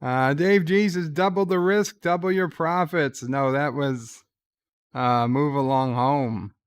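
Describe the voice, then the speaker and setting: Slow, clear-voiced man retelling a show. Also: medium pitch, dry recording. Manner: retells scenes, quoting lines in a plain voice; reads out viewer chat messages. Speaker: host. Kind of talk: live reaction commentary.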